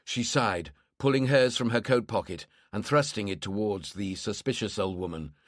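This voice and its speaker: A man's voice: on the low side, moderate pace, no echo. Man narrating a crime thriller, dry sound. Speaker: audiobook narrator.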